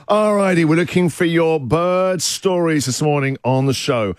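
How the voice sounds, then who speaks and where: Jokey radio host, dry studio sound. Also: male voice, a little high, expressive, moderate pace, no echo. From England. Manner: jokey, playful. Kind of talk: breakfast radio chat.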